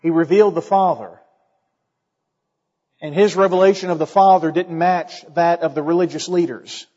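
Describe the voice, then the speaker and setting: Man preaching, kinda high voice, dramatic then hushed, muffled echoey church sound. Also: steady tone, moderate pace. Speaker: pastor. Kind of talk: sermon.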